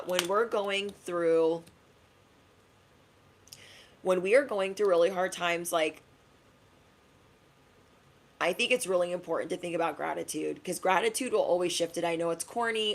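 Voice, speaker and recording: Young woman, lowish voice, casual spiritual pep talk, slangy, chatty. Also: fairly even intonation. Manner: chatty, slangy, acts out quick asides. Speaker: spiritual reader.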